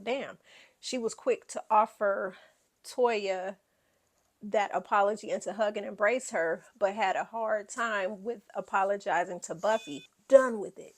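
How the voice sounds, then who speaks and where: A woman hosting a casual reality TV recap, sassy and animated, laughing often as she dishes gossip. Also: mid-range voice.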